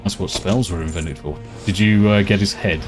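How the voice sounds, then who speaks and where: A man's voice: low voice, fairly even intonation, normal speed, music in the background. A British man streaming a game, ranting and swearing freely in casual chat. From Britain. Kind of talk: casual live-stream chat while gaming.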